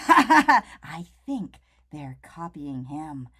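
A woman reading a picture book aloud to children, playful and animated, turning to the kids with questions as she goes. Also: on the high side, slow pace. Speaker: storyteller.

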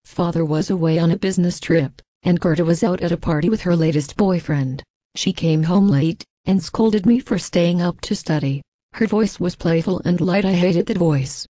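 A woman narrating a first-person spooky story in an even scripted read, speaking even the punctuation marks aloud. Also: lowish voice, moderate pace, no echo.

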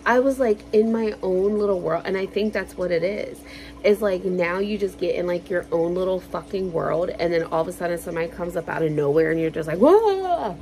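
A woman vlogger telling stories in a casual, animated way, swearing freely and acting out quotes loudly. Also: on the low side, fairly quick. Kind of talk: casual storytelling.

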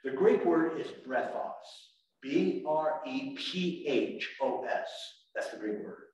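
A man preaching a sermon as pastor, animated, swinging from shouts to quiet asides. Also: fairly high pitch, slow pace, highs cut off. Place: church sanctuary. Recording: echoey church room from far off.

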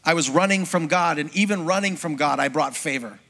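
A middle-aged man, a pastor, preaching a sermon as a lively personal testimony and acting out the voices of people in his story. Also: on the high side, fairly quick. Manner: storytelling, acts out quoted voices, conversational with congregation.

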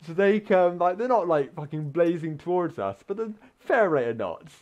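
A man hosting a gaming channel, telling a story in a casual, sweary, rambling way, full of filler words and quick acted-out voices. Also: sits high. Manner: animated, acts out voices in the story. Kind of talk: casual storytelling over gameplay.

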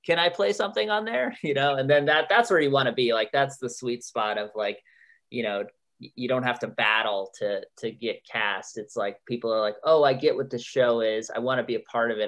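A man of ordinary, mid-height pitch speaks as a guest on a podcast, chatty and quick to laugh. He often restarts his sentences as he tells stories about making a show. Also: fairly bright tone. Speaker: TV executive producer and head writer. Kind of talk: casual podcast interview.

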